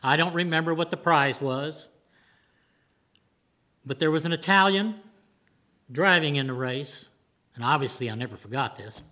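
A man's voice: fairly high pitch, moderate pace, long pauses, bright, forceful tone. An older man preaching a sermon to a congregation in an earnest, plain-spoken way. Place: church before a congregation.

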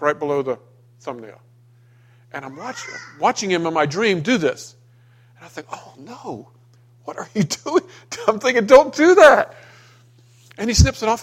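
A middle-aged man preaching a sermon, telling a personal story with rising emotion and raised, pleading tones in the retold scenes. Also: a bit bright. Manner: storytelling, emotional, rising in pitch when voicing himself in the dream. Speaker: pastor.

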